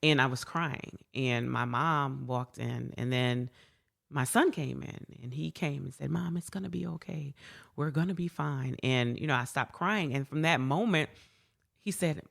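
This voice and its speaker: A woman in a casual interview chat, warm, laughing often and repeating words as she talks. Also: a bass voice, measured pace, gravelly. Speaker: guest.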